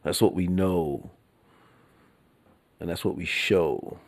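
Male solo podcaster, dark gravelly voice, slangy and profane. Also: low voice, slow, pauses often. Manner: slangy, profane, laughs between lines. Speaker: podcast host. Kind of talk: casual solo podcast talk.

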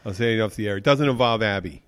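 A man's voice: on the low side, fast talker, clear, resonant tone. A man co-hosting a radio show, telling a long rambling story in casual on-air chat and acting out the quotes. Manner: rambling, animated, acts out quotes.

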